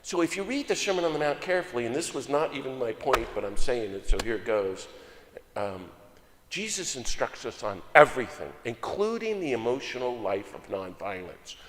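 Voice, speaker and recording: An older man preaching a lively, joking sermon as a guest speaker, swinging between loud exclamations and soft asides. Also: medium pitch, normal speed, slight background noise. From United States. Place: church sanctuary. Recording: long hall reverb.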